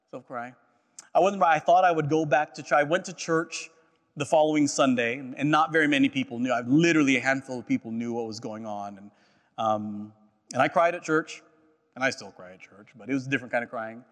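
A man preaching a sermon as a pastor, earnest and personal, often repeating phrases and checking in with "right?". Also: mid-range voice. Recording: echoey hall.

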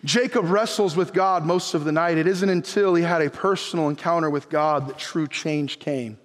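A man preaching a sermon as pastor, impassioned, swinging from near shouts down to quiet, low lines. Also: normal speed. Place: church sanctuary. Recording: long reverb of a church hall.

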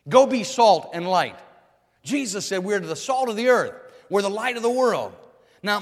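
A man's voice: sits high, big-room sound. A man preaching a sermon emphatically, repeating phrases and restarting as he drives each point home. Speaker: pastor.

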